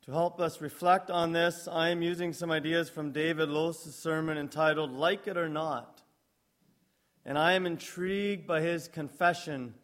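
A male pastor delivers a sermon in a storytelling manner. His voice sits slightly high. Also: fairly even intonation, moderate pace, fairly bright tone. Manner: storytelling with acted quotes.

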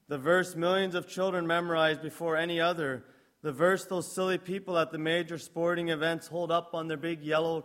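A male pastor giving a sermon, telling a story and reflecting on scripture in a measured storytelling manner. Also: fairly high pitch, a bit bright. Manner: storytelling with acted quotes.

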